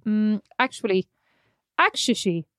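A woman's voice: medium pitch, measured pace, dry recording. Chatty woman podcast host, dry close sound. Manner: chatty, self-mocking, animated storytelling. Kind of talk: casual chat.

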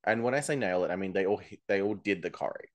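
A man's voice: deep voice, fast. A man co-hosts a casual podcast. He talks in a chatty, gossipy way and often breaks into laughter. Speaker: podcast co-host recapping a TV show. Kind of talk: casual chat.

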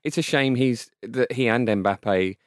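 A man co-hosting a football podcast, wry and quick with dry humour. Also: medium pitch, no room sound. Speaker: podcast co-host. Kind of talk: casual chat.

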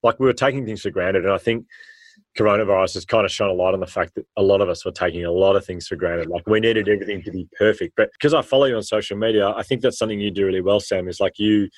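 An Australian man, a former teacher, telling stories with animated, slangy energy in an interview. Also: fairly low pitch, quick pace, no room sound. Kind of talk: storytelling in a podcast interview.

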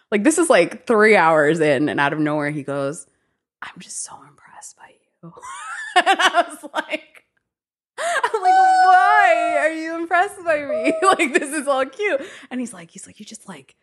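Giggly, animated woman telling a story. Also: low-pitched. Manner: giggly, animated, quotes others in raised voice. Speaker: podcast guest, romance author. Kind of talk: casual storytelling chat.

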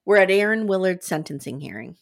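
A woman's voice: fairly low pitch, expressive, a little fast. A young adult woman co-hosting a podcast, earnestly retelling events step by step in casual chat. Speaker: podcast co-host.

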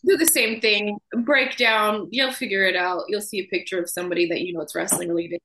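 A woman co-hosting a podcast, chatty and apologetic, quick to laugh. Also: medium pitch, fairly even intonation, pushed and bright. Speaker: podcast co-host. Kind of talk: casual chat.

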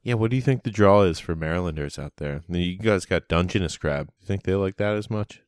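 A man chimes in with teasing questions and jokes in a loose podcast conversation. His voice is clear and resonant, recorded dry and close to the mic. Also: low voice, brisk, no echo. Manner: teasing, jokey interjections. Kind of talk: casual chat.

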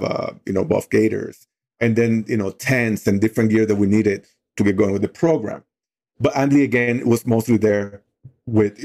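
A man's voice: lowish voice, mellow. A middle-aged man leading a youth outdoor program, telling a story in a loose, conversational way with lots of "you know" fillers.

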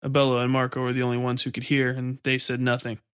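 A man narrates a horror story in a steady, measured voice. His pitch sits in the middle range. The recording is dry and close with no room sound. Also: smooth, no echo.

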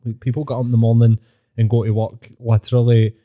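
A man's voice: medium pitch, little pitch movement, fast talker, phone-quality sound. A man with a Glaswegian Scottish accent, hosting a podcast in casual, sweary, mocking chat. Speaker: podcast host.

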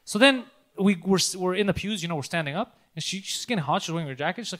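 A man co-hosting a casual podcast, telling animated, profanity-laced stories and laughing often. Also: high voice, quick pace. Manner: animated storytelling, swears a lot, laughs often. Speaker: podcast co-host.

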